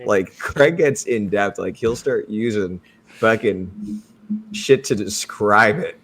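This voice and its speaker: A man's voice: lowish voice, slow, fairly bright tone. A man co-hosting a casual movie review chat, teasing his friends and laughing often. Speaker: podcast co-host, movie reviewer.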